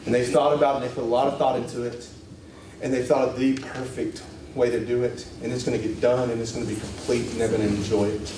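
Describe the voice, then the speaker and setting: A man teaching a church class in a casual, animated way, often acting out quoted voices and laughing. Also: mid-range voice, quick pace. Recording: echoey room, distant mic, faint hiss.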